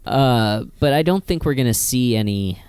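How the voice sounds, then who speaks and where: A man co-hosting a comedy podcast, recapping scenes and adding dry, deadpan trivia asides. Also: mid-range voice, normal speed, smooth, dry recording. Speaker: podcast co-host. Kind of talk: casual comedic podcast chat.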